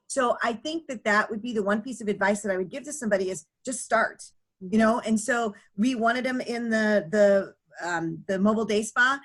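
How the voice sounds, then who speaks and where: A woman's voice: a little high, moderate pace. Chatty middle-aged woman telling her story. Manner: earnest, chatty, many fillers. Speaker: nonprofit founder, podcast guest. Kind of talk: conversational storytelling.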